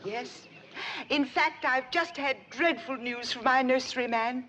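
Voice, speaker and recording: A woman's voice: sits high, a little slow, fairly bright tone, slight background noise. An actress playing a prim, fretful rich society woman with a fussy, proper manner in a 1960s sitcom.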